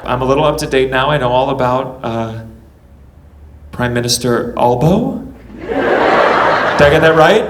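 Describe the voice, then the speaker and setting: An American man performing a stand-up comedy set, wry and quick, often stammering and restarting his lines. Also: mid-range voice, lively intonation, reverberant, very noisy. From United States. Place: live comedy venue.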